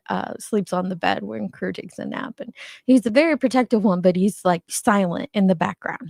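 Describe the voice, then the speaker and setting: A woman's voice: mid-range voice, creaky, darkish tone, no echo, clean studio sound. An older woman hosting a casual livestream, greeting viewers by name and laughing often in a chatty way. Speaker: livestream host. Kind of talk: casual live chat.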